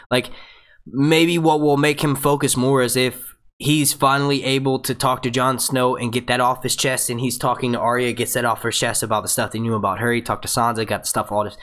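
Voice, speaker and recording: His voice sits in the middle range, fairly bright and fairly even in intonation, with a brisk pace. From a home setup near his phone, the host of a fan review show works through a rambling live Q&A, reading viewers' questions and restarting sentences.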